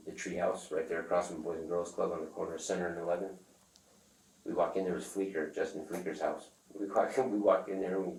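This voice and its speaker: A man telling a rambling, profane story in casual talk, acting out the other people's lines loudly. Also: low voice, vocal fry. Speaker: interviewee. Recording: echoey room, far from the mic, faint noise.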